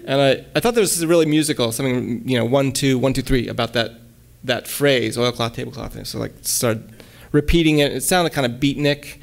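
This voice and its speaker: A man giving a relaxed lecture at a college, hesitating often with ums and restarts and reading his own poems aloud. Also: mid-range voice, moderate pace, vocal fry, few pauses. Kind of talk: casual lecture with poem readings.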